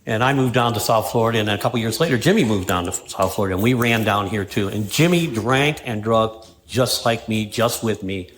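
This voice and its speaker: A man's voice: lowish voice, brisk, few pauses, a little hiss or hum. A man giving a recovery talk to a meeting, who tells stories, reads passages aloud and keeps checking in with "right?" and "you know?". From Pittsburgh. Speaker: AA speaker. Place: meeting room.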